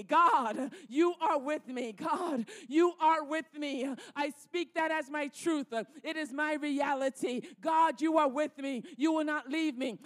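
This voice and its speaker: A woman pastor leading a fervent prayer, declaring and repeating lines with growing force. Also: sits high. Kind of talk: sermon prayer.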